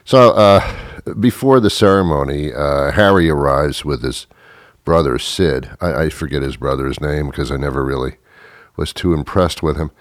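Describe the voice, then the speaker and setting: A man hosting a comedy podcast, spinning a long, rambling tale in a deadpan voice. His voice is deep, with lots of repeats and fillers, and the recording is close and dry. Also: moderate pace, dry recording. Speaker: host.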